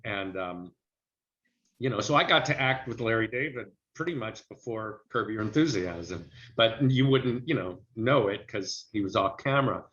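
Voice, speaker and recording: A middle-aged man, an actor being interviewed, telling lively anecdotes in casual conversation and acting out the people he quotes. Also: fairly low pitch, moderate pace. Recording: dull lo-fi recording.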